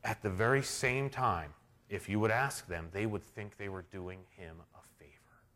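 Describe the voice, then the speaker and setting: A middle-aged male pastor preaching a sermon, shifting from hushed storytelling to loud, emphatic declarations. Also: fairly low pitch, unhurried.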